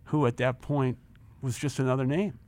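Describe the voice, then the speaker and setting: At a medium pitch and normal speed, a former company chief in his sixties tells a personal story in an interview. He's an animated storyteller who acts out what people said and repeats words when excited.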